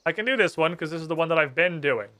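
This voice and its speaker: Man, gaming streamer, casual commentary, profane, slightly high bright voice. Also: expressive, fast, soft background music. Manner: swears often, reads game dialogue aloud.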